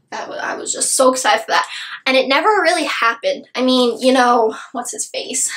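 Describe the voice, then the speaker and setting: A woman's voice: sits high, moderate pace, fairly bright tone, poor audio. A woman gushing about a book she loved in a casual, rambling review, full of "like" and asides.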